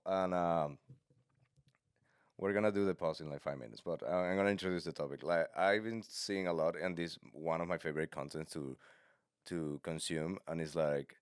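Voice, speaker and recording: A man with a low, smooth voice hosts a relaxed comedy podcast. He tells stories eagerly and acts out the people in them. His voice is close and dry, with no room sound. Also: no echo. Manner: animated storyteller, acts out quotes. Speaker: podcast host. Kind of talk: casual comedy podcast chat.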